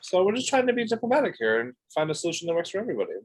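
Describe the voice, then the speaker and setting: A man playing in a tabletop game, negotiating in character and laying out options in a diplomatic, deliberate way. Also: sits high, big pitch swings, husky, faint music behind, rough recording. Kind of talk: in-character tabletop role-play.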